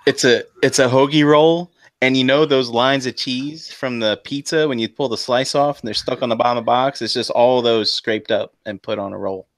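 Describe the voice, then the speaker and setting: A man on a podcast panel chatting in a laid-back, halting way with many fillers. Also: mid-range voice, steady tone, no room sound. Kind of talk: casual chat.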